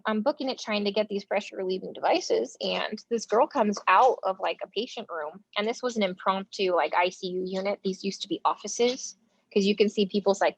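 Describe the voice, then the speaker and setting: Here a medium-pitched American woman, a front-line nurse being interviewed, shares animated anecdotes in relaxed speech full of fillers, voicing the people she quotes. The recording is dry, dull, and lo-fi.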